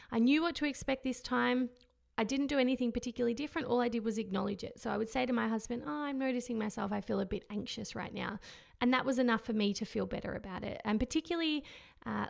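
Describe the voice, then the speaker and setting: A fairly high-pitched woman in her thirties whose voice carries heavy vocal fry throughout. She talks candidly and reflectively about her own experience, casual and unscripted, with fillers and soft laughs. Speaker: mother sharing her postpartum experience. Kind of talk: casual personal monologue.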